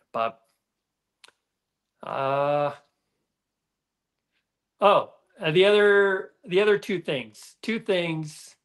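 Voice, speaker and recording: Rambling middle-aged man, higher voice. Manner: relaxed and rambling, with many fillers and restarts. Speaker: guest, former motocross racer. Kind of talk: casual podcast conversation.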